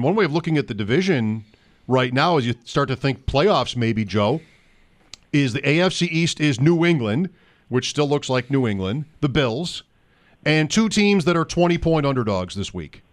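A man hosting sports radio talk, conversational and joking with quick asides to his guest. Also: fairly high pitch, very animated.

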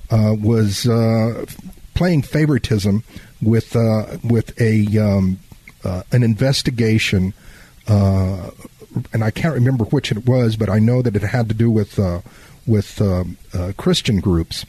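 A man hosting a radio talk show, asking questions in a halting way with many fillers. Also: lowish voice, mellow, husky. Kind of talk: radio interview.

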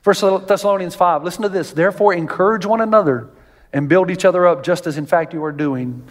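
A man preaching a sermon as pastor, animated and jokey, jumping way up in pitch and volume when he acts out quoted voices. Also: quick pace. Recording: long hall reverb.

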